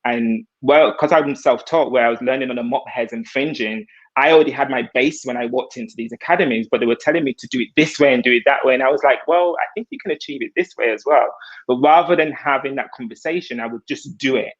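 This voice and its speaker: A man's voice: mid-range voice, fast talker. Earnest man on a muffled call. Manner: earnest, reflective, self-deprecating. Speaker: hairstylist guest. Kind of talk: heartfelt conversational sharing.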